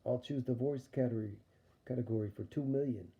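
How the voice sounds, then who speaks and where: A man's voice: mid-range voice, brisk, pitched above the performer's own voice, close to an everyday voice. A man voicing a sulky talking horse. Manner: grumbling, put out. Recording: dull lo-fi recording.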